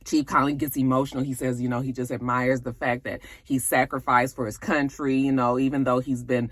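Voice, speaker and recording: A woman with a low voice gives a casual recap of a TV episode. She talks bluntly and profanely and breaks into emphatic high bursts. Her voice sounds dry and close. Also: flat delivery, fairly quick, no echo. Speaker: TV show reviewer.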